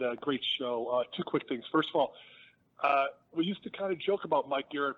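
A man's voice: a little high, dry recording. Exasperated male caller over a tinny phone. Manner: blunt, exasperated, punchy complaints. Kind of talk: call-in comment to a sports show.

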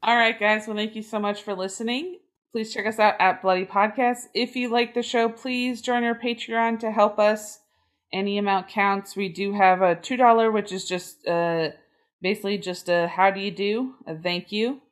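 A woman co-hosting a podcast in casual chat, who tells anecdotes in an animated way. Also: medium pitch, moderate pace. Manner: animated, acts out anecdotes in voices. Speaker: podcast co-host.

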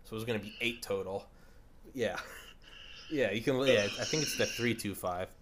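A man's voice: on the low side, normal speed, noisy background. A man hosting a podcast in casual chat. He rambles and swears with enthusiasm. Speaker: podcast host.

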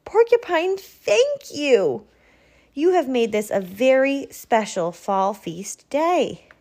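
A woman's voice: high-pitched, big pitch swings, slow, a little mellow, voice pushed up, heavily acted. A woman voicing a graceful female deer in a storybook, in a sweet manner. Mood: grateful.

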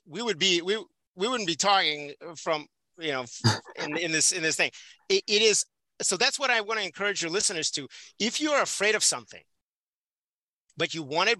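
A podcast guest from the Soviet Union who volunteers teaching in prisons speaks emphatically in a casual interview, repeating words for stress. His voice is high, very bright, and sharp. The audio is dry, close, low-quality, and free of room sound.

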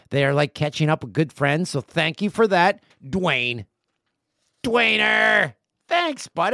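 Reading listener mail on his casual solo podcast, a forties-aged male host keeps up chatty, jokey asides. His voice is a little high and fairly bright, with a dry, clean studio sound.

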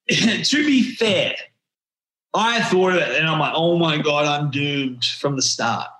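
Appearing as a guest in a casual interview, an Australian man in his thirties rambles through slangy stories with many restarts. His fairly high, expressive voice is pushed and bright, and he talks slowly on a rough recording with a roomy sound.

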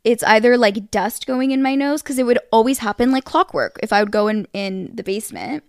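A young woman co-hosting a podcast, chatting in a relaxed, agreeable way. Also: a little high, a little fast, gravelly, dry recording, clean studio sound. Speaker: podcast co-host. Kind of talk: casual chat.

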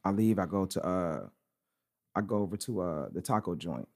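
A man's voice: low voice, moderate pace. A young adult man co-hosting a podcast, telling a story in slangy casual chat and saying "bro" often. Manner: slangy, animated anecdote telling with repeated "bro". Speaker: podcast co-host.

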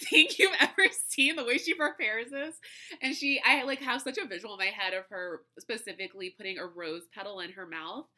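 Bright-voiced chatty woman podcaster. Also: mid-range voice. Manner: chatty, laughing often, full of fillers like "like" and "you know". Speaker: podcast host. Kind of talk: casual chat.

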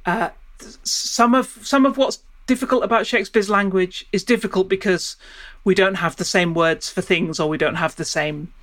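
A professor of Shakespeare studies, she explains in an interview while thinking aloud, often stopping and restarting her sentences. Her mid-range voice has fairly even intonation and a moderate pace.

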